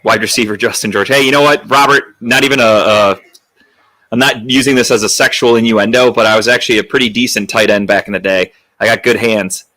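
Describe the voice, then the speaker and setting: A man co-hosting a casual sports podcast, talking football picks in an animated, joking way and swearing freely. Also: lowish voice, fairly quick, dry recording. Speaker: podcast co-host.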